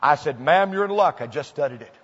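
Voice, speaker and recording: A man preaching a revival sermon, telling folksy stories and building to fervent shouting. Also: a little high, expressive, fairly quick, husky. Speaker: pastor. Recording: muffled old recording in a large hall.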